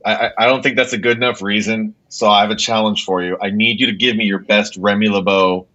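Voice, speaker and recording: A man's voice: on the low side, fairly even intonation, fast, bright, forceful tone. A man co-hosting a casual comics chat, teasing and quizzing the host. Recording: dull lo-fi audio.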